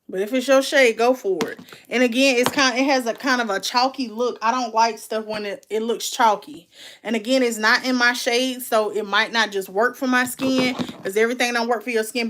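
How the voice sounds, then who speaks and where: A woman's voice: on the high side, fairly bright tone. A woman, chatting casually and candidly as she unboxes and reviews makeup, calling her viewers "baby" and "y'all". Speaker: beauty vlogger.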